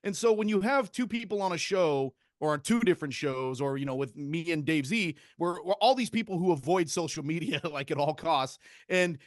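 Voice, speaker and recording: A man's voice: on the high side, normal speed, no echo, studio quality. A man rambling through casual podcast chat, self-deprecating and sprinkled with swearing. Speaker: podcast regular.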